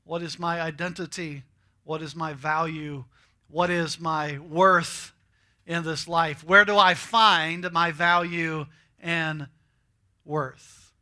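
A man preaching a sermon, emphatic and repetitive, with slowed phrases and dramatic pauses. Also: a little high, steady tone, sharp tone. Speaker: pastor.

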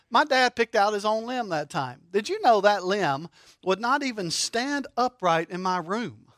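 A middle-aged man preaching a sermon, animated and humorous, asking rhetorical questions. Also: very high voice, moderate pace, dry recording, studio quality. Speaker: pastor.

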